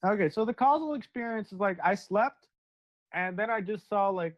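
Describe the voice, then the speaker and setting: A young man with a somewhat high voice tells a spiritual story in loose, profane slang and acts out both sides of every conversation. The recording is dry and a little muffled. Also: moderate pace, no room sound. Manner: slangy, profane, animated retelling with quoted dialogue. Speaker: satsang speaker. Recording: dry, dull lo-fi sound.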